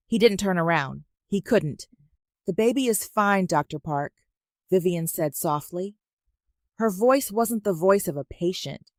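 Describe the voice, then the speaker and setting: Woman reading a story in a low voice, even and measured, dry close mic. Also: no echo. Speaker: narrator. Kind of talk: scripted story narration.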